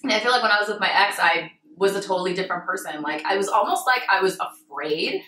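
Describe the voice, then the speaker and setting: A woman's voice: mid-range voice, quick pace, sharp tone, roomy sound, rough recording. A woman in her thirties hosting her own vlog, talking candidly and easygoing, often giggling. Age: 30s. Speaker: vlogger. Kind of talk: casual chat.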